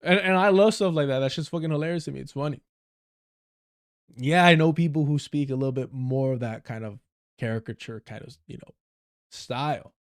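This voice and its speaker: He sounds a little high, fairly quick and smooth, carrying a Southern Californian accent. The man, a livestream host from Southern California in the United States, gives blunt casual commentary packed with swearing and bits where he laughs.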